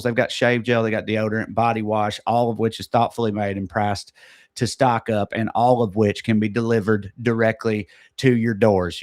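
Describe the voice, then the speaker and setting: A man co-hosting a podcast, reading sponsor ads in a casual way with joking, off-the-cuff asides. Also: lowish voice. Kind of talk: casual ad read.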